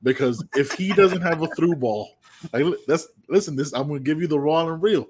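Podcast co-host from the United States, rambling and profane. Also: male voice, on the high side, brisk, a little mellow. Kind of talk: casual sports chat.

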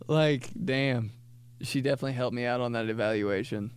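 A man's voice: medium pitch, measured pace, darkish tone, clear, resonant tone. Rambling late-twenties man riffing. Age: late 20s. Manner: rambling, full of "like" fillers and restarts. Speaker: podcast host. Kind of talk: casual comedic riffing.

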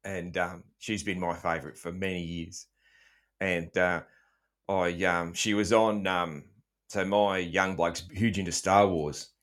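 A man's voice: sits low, steady tone, a little slow, a bit bright. A middle-aged Australian man hosting a casual chat, joking around and swearing freely, with plenty of ums. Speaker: podcast host.

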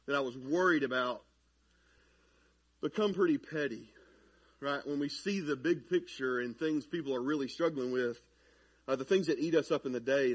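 Casual, husky-voiced man preaching. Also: on the high side. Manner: casual, conversational preaching with many fillers. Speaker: pastor. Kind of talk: sermon. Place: church sanctuary.

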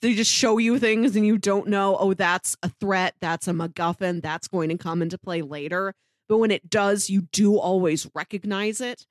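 A woman co-hosting a podcast in casual chat, enthusiastic and quick to laugh, listing details with comic emphasis. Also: medium pitch, steady tone, no echo, clean studio sound. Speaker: podcast co-host.

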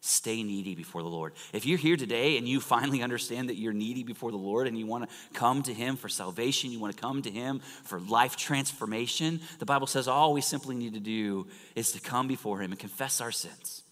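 A man preaching a sermon in a church, animated and storytelling, swinging from loud emphasis to hushed near-whispers. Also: mid-range voice, a little fast, few pauses. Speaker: pastor. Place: church sanctuary. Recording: long reverb of a large church hall.

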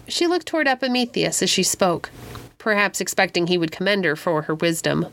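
Woman gently reading a children's story. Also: lowish voice, animated, a little fast. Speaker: audiobook narrator.

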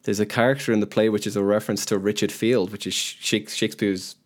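Rambling man, lowish voice. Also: steady tone, fast talker. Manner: rambling, many restarts, earnest. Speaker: podcast guest. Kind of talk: casual podcast chat.

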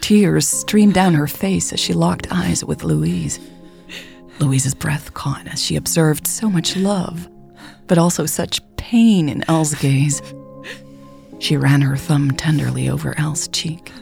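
A woman reads a romance story aloud in a soft, at times whispery manner. Her voice sits low with a gravelly fry. Faint music plays behind her. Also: lively intonation, slow. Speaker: audiobook narrator. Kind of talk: scripted narration.

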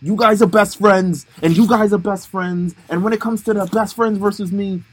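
A man's voice: high voice, steady tone, moderate pace, no echo, voice pushed up. A man putting on the voice of a paranoid male competitor, with a tough drawl like a boxing trainer. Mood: defensive. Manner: tough, gravelly-toned street drawl.

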